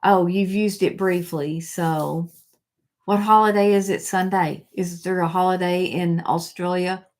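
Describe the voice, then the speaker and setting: A woman's voice: lowish voice, fairly even intonation, a little slow, a little mellow. A middle-aged woman hosting a casual live chat, rambling and reading viewer comments aloud.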